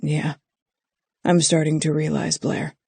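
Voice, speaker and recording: A haunted, protective young man who speaks low and clipped, as an audiobook narrator plays him. The gravelly, husky voice is dark and mellow. It is recorded close and completely dry. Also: little pitch movement, unhurried, dry recording. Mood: tender. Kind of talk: audiobook character voice.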